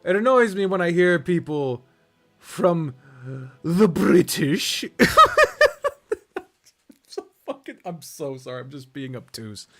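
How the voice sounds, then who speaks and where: A man's voice: a little high, expressive, slow pace, pauses often, faint music behind. A man streaming a strategy game, chatting casually, ranting, swearing and laughing a lot. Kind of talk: casual gaming livestream commentary.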